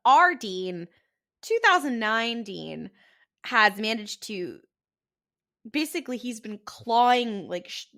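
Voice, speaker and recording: A woman co-hosting a podcast, recapping an episode in casual chat and acting out the characters' dialogue. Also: a little high. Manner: animated retelling with quoted dialogue and frequent laughs. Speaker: podcast co-host.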